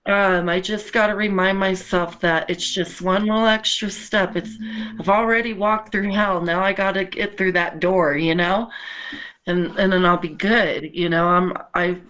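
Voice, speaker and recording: A woman who has children, a podcast guest talking candidly from her apartment in an earnest, halting way with many restarts. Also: lowish voice, fairly even intonation, a bit bright, poor audio. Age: adult with children. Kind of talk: candid personal conversation. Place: home apartment.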